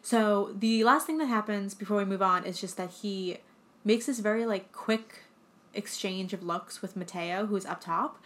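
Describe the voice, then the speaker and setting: A woman's voice: mid-range voice, moderate pace, fairly bright tone. Chatty young woman podcast co-host. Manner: chatty, sarcastic, full of 'like' and acted-out quotes. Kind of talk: casual chat, recapping a film.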